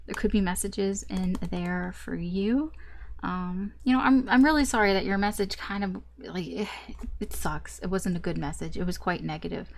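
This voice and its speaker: A woman's voice: mid-range voice, normal speed, vocal fry. A woman tarot reader talking through a casual, rambling reading, often laughing at herself.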